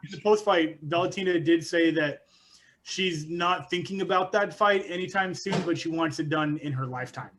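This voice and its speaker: A man with a somewhat high voice chats on a relaxed podcast panel. He keeps things light and easygoing, slipping in jokes between his points. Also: normal speed. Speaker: podcast co-host. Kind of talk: casual podcast discussion.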